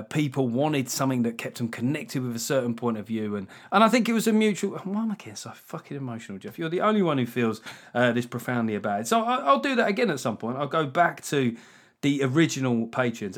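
A middle-aged man hosting his own podcast, chatting alone in a rambling, sweary, self-mocking way. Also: medium pitch. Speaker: podcast host. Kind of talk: casual solo podcast chat.

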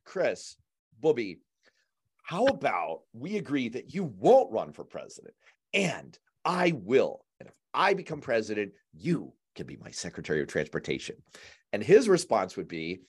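A man hosting a casual political panel, animated and jokey, acting out mock phone calls. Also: mid-range voice, slightly rough. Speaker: host.

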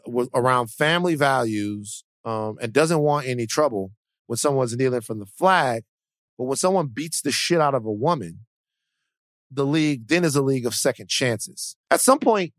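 Male podcast co-host: blunt, animated, stammery, swears casually, dry close mic. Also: mid-range voice, no room sound.

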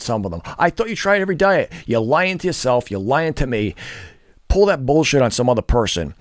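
A man rants to camera in a blunt, profane, scornful lecture, his pitch swinging widely as he mocks and scolds. The sound is close and dry, with no room around it. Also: no room sound. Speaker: fitness and dating vlogger. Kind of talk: blunt ranting monologue.

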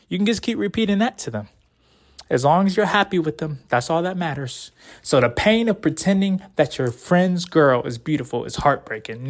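A young man with a slightly higher voice rambles through a casual advice monologue. He talks bluntly and profanely in laid-back slang, repeating his catchphrases.

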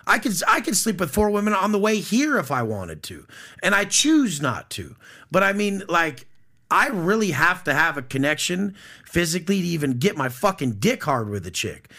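A podcast guest, this man talks bluntly and boastfully, swearing freely. His voice is gravelly and sharp, and his pitch swings widely as he pushes his points. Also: very animated, normal speed. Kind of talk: casual podcast conversation.

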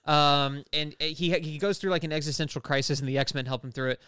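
A man's voice: on the high side, steady tone, brisk, bright, forceful tone, clear, resonant tone, dry recording, studio quality. A man co-hosting a podcast, explaining comic backstory in casual chat and often correcting himself mid-sentence. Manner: rambling, self-correcting explainer. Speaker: podcast co-host, comics expert. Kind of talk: casual chat recapping an episode.

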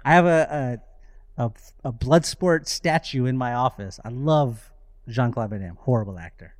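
Podcast dude, mid pitch, dry close mic, gets all worked up telling stories. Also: male voice, normal speed, dry recording. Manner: excitable storyteller, swears freely. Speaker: podcast co-host. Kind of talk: casual chat.

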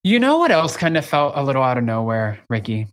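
A podcast co-host in casual chat, animated and gossipy, acting out what others said. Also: mid-range voice, brisk. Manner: animated, gossipy, acts out quoted voices.

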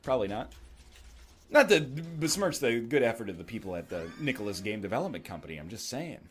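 A man's voice: medium pitch, big pitch swings, fairly quick, slight background noise. A man giving rambling, jokey commentary while playing a video game, full of wry asides. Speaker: gameplay commentator. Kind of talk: gameplay commentary with rambling jokes.

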